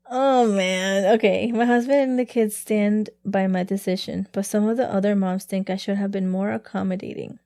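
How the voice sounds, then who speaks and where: A woman's voice: medium pitch, fairly even intonation, normal speed, mellow, no room sound. A woman co-hosting a podcast, reading stories aloud and chatting casually, laughing often. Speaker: podcast co-host.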